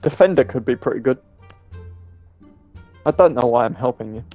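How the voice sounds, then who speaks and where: A man's voice: mid-range voice, animated, normal speed, dull audio, soft background music. A man with a British accent tinged slightly with Australian, joking crudely and teasing his friend while they play. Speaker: gaming friend. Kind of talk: casual gameplay banter.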